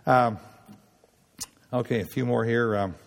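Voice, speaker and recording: A man from Nova Scotia with a Nova Scotian accent, giving a folksy talk at a chapel, halting and full of restarts as he tells stories. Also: mid-range voice, fairly even intonation, creaky, in a large hall. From Nova Scotia, Canada. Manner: homespun, halting, with many restarts and acted-out dialogue. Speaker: sailors' gospel worker speaking at a chapel.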